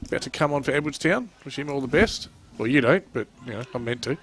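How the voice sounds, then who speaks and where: A man's voice: medium pitch, quick pace, background noise. A man with an Australian accent calling a local football game play by play, chatty and jokey. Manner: chatty, jokey, excitable on goals. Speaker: play-by-play commentator. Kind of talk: amateur sports commentary.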